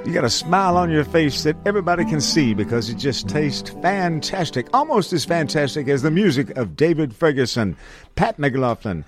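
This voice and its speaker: A man's voice: on the high side, sing-song, moderate pace. A man hosting a live radio show in a folksy, enthusiastic way, with music playing behind him. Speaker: radio host.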